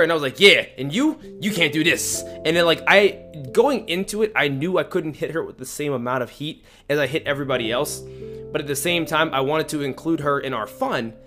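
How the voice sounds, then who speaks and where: A young man hosting a podcast tells a story in casual chat, with a slightly high voice. He is animated and slangy, acting out the lines he quotes.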